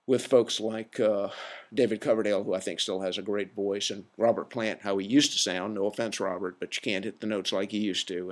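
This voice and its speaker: A man hosting a podcast alone, giving an opinionated, rambling rant in a casual, self-aware way. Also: on the low side. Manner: opinionated, ranting, self-deprecating. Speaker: podcast host. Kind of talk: casual solo monologue.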